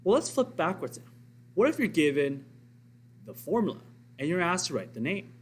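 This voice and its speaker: A man's voice: on the high side, sing-song, moderate pace, husky. A man teaching a recorded science lesson, explaining step by step and asking and answering his own questions.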